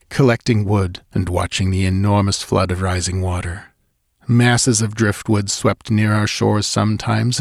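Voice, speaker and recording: A man narrating a literary story in the first person, measured and somber. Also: on the low side, gravelly, no echo, studio quality. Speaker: audiobook narrator. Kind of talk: scripted narration of a literary tale.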